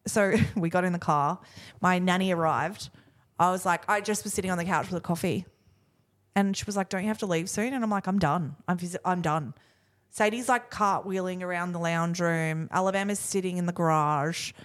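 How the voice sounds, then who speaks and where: A woman's voice: fairly low pitch, normal speed. A woman, co-hosting a podcast in casual, self-mocking chat and acting out what others said. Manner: chatty, self-mocking, acts out quotes. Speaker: podcast co-host.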